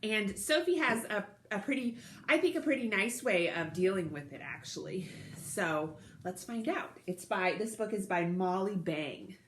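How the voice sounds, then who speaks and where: A woman's voice: mid-range voice, animated, moderate pace, a little hiss or hum. A woman librarian leading a recorded story time for young children, speaking cheerfully and asking them questions as she reads a picture book aloud. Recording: roomy echoey recording.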